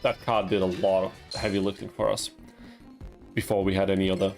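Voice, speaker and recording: Gravelly young man streaming a game. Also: low-pitched, flat delivery, a little fast, a little mellow, soft background music. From Austria. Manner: chatty, laughs at himself, yelps in frustration. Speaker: gaming streamer. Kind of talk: casual gameplay commentary with chat.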